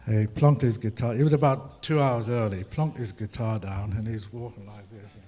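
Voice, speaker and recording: A lowish, warm voice with fairly even intonation belongs to an older ragtime player talking at normal speed to a festival audience. He spins humorous, meandering anecdotes, filling them with fillers.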